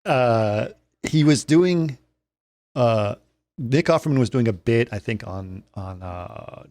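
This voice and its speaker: A man co-hosting a movie podcast, telling stories in relaxed casual chat and chuckling between lines. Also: mid-range voice, slow, no echo. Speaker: podcast co-host.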